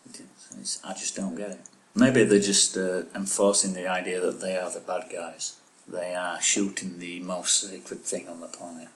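A man with a very deep voice trades casual banter as a podcast co-host. His opinions come out blunt and his jokes land dry. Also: flat delivery, normal speed. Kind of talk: casual banter reviewing an episode.

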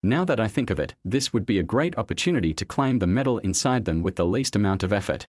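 A man's voice: lowish voice, expressive, fast talker, a little mellow, no room sound. A man voicing an upbeat, earnest expert explaining plans.

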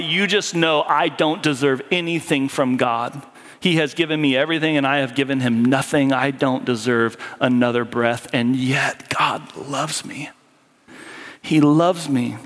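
A man preaching a sermon, often slowing down hard for emphasis and dropping his voice. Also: on the high side, a bit bright. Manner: preaching with sudden slow, emphatic drops. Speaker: pastor. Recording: long hall reverb.

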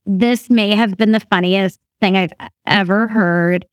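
A woman's voice: medium pitch, unhurried, no room sound, clean studio sound. Woman in her fifties telling a story. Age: 50s. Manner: laughs often while talking, animated quoting of others. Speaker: guest. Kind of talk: casual storytelling.

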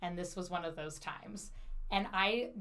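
A woman's voice: on the low side, a little slow. A young adult woman hosting a podcast, telling a comic story in casual chat, acting out what people said and laughing as she goes. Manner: animated anecdote-telling, acts out quotes, laughs mid-sentence, swears freely. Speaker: podcast host.

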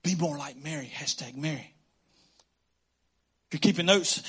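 A man preaching a casual, conversational sermon as a pastor, animated and quick to laugh. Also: a little high, husky. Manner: animated, conversational, laughs often, acts out quotes.

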